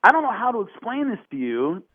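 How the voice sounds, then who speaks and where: With a breathy edge and a slightly fast delivery, a podcast guest tells a casual story, animatedly voicing quotes at a raised pitch. The recording is dry and phone-like in its narrow band.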